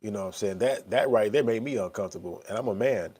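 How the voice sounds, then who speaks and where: A man's voice: lowish voice, quick pace, darkish tone, breathy edge. A man in his thirties talking candidly to his viewers, rambling and blunt, swearing and often asking "you know what I'm saying.". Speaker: vlogger. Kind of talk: casual talk to camera.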